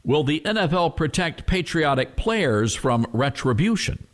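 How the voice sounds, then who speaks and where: Man, radio talk show host, folksy, emphatic, animated pitch. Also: a little slow. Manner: folksy, emphatic, repeats phrases. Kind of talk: conservative talk radio monologue.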